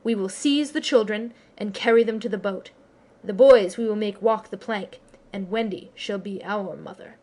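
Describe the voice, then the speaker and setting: A woman's voice: medium pitch, normal speed, darkish tone, close to an everyday voice. A woman voicing a proud, brooding male pirate captain with theatrical, old-fashioned oaths, in an audiobook reading. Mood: commanding.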